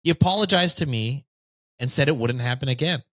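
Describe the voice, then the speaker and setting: A man's voice: medium pitch, brisk, no room sound. A man hosting a podcast, reading a story aloud and breaking off for jokey asides. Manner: lively, reads with jokey asides. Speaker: podcast host reading stories.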